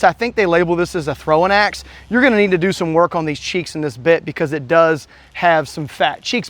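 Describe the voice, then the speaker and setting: A man's voice: on the high side, a bit bright, dry recording. A man hosting his own channel, giving a casual, enthusiastic hands-on review in a folksy, chatty way. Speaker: gear reviewer, channel host.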